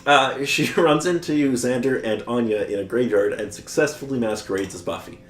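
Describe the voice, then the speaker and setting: A man's voice: medium pitch, moderate pace, roomy sound, a little hiss or hum. A man co-hosting a podcast, recapping a show's plot in casual chat and chuckling often as he goes. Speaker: podcast co-host recapping episodes.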